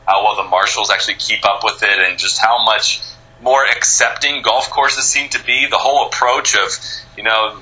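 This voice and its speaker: Male radio guest, American, low and sharp-toned, enthusiastic and rambling. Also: a little fast, low-quality recording. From United States. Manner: rambling, enthusiastic, many restarts. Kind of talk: casual interview chat.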